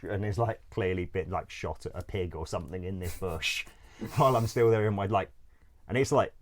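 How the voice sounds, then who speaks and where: As an interview guest, a man with a very low, deep voice tells stories in a loose, rambling way at normal speed. He leans on "like" constantly, swears without a second thought, and laughs often.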